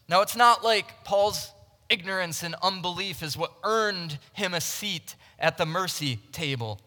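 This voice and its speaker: A man with a high, bright, forceful voice delivers a sermon in a conversational way, often restarting his phrases. He drops to near-whispers and then rises to loud emphasis. The sound carries the long reverb of a large hall. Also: a little slow. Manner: earnest, conversational preaching with frequent restarts; swings between loud emphasis and hushed delivery. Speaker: preacher. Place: large room with a live audience.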